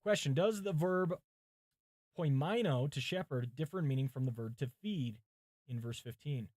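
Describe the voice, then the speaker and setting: A man's voice: fairly high pitch, moderate pace, darkish tone, no room sound, studio quality. A male pastor preparing a sermon on a livestream, reading commentaries aloud, thinking aloud and chatting with viewers, with his mic set some way from him. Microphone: mic set far from him.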